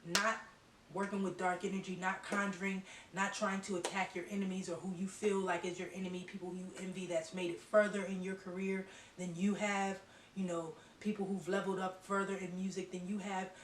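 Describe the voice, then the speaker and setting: A woman's voice: medium pitch, little pitch movement, fairly quick. A woman giving a channeled psychic reading to viewers, talking emphatically and bluntly, repeating herself and swearing. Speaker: psychic reader. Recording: roomy echo from a distant mic with faint hiss.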